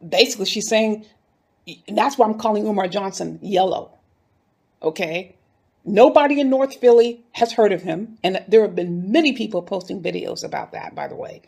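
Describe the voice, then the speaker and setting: A YouTube commentator from North Philadelphia speaks in a mid-range, gravelly, mellow voice at normal speed. In a casual commentary video, she gives heated, indignant remarks directly to her viewers.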